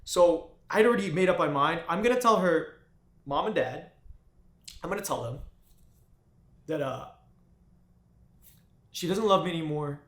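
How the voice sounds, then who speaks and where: Male vlogger, halting emotional storyteller, slightly high voice, roomy echo. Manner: halting, with frequent restarts and fillers. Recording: echoey room.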